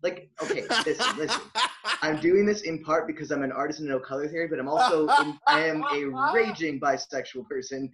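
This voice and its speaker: A man's voice: on the high side, sing-song, fairly quick, a crowd in the background. A man co-hosting a casual movie review chat, ranting animatedly with swearing and bursts of laughter. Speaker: podcast co-host. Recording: dull lo-fi audio.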